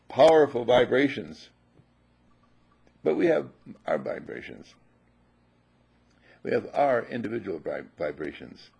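Gravelly older man preaching emphatically. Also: medium pitch, highs cut off. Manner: animated, emphatic, repeats phrases, shouts suddenly. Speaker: spiritual teacher. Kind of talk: sermon.

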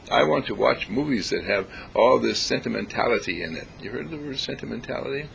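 A man giving a reflective spiritual talk, deliberate and emphatic, repeating phrases to stress them. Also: medium pitch, gravelly, a bit bright, slight background noise, poor audio. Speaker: spiritual speaker.

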